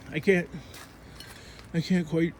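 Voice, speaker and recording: There's steady background noise as a middle-aged man vlogs from a work space with scrap, handling items. His voice is on the high side and slow, and he wanders in a loose, chatty monologue, talking to himself while he works.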